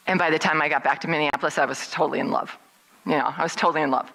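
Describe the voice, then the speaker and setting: A middle-aged woman speaking at a service, telling a personal story in a lively way and acting out what people said with big jumps in pitch. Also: rapid-fire, gravelly, poor audio.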